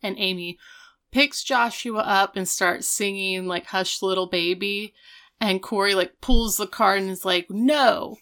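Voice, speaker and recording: A young adult woman co-hosting a podcast, retelling an episode in a fast, casual way full of "like" and acted quotes. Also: medium pitch, fairly even intonation, bright, forceful tone, clear, resonant tone. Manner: rapid, filler-heavy retelling with acted quotes. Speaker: podcast co-host.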